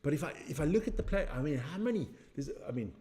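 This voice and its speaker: A man's voice: a little high, animated, fast talker, dark tone. A middle-aged man hosting a casual live stream, chatting loosely as he reacts to a match, answering viewers' comments and joking about his age. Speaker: watch-along stream host.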